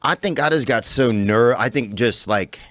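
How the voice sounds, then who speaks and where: A man's voice: mid-range voice, moderate pace, a bit bright. A man as a podcast guest, talking in a laid-back, jokey, rambling way. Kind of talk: casual chat.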